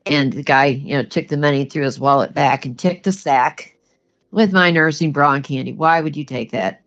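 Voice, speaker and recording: On a dull, lo-fi recording with faint music, an older woman guest tells a personal story in a low-pitched voice, keeping a steady tone and moderate pace. She's earnest and plainspoken, and "you know" turns up again and again.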